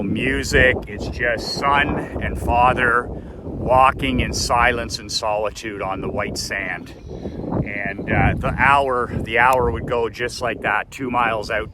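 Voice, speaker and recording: A man telling a personal story in an unhurried, reflective way, often repeating words. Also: on the low side, noisy background.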